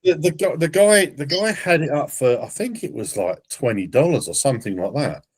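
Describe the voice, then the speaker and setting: A man's voice: fairly high pitch, moderate pace, slightly rough. A man, a guest on a podcast, casually telling stories and often repeating his words. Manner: relaxed anecdotal storyteller, repeats words. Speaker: guest car builder. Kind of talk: casual chat.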